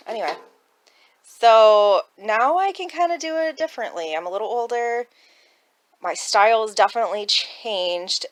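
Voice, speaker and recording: A woman's voice: medium pitch, fairly bright tone. A woman chatting casually at home about her thrift haul, rambling and laughing often. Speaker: thrift reseller vlogger. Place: at home indoors.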